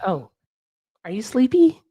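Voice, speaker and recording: A woman's voice: a little high, sing-song, measured pace, mellow, breathy edge, no echo. A woman hosting a livestream, questioning callers in a blunt, teasing way. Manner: blunt, teasing, talks straight to viewers. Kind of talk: casual live-stream chat.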